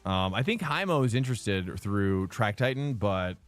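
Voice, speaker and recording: A man's voice: lowish voice, sing-song, normal speed. A man streaming a sim race, chatting casually with lots of ums and uhs, often laughing as he rambles. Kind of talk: casual live-stream chat while racing. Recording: loud music playing behind. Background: loud music.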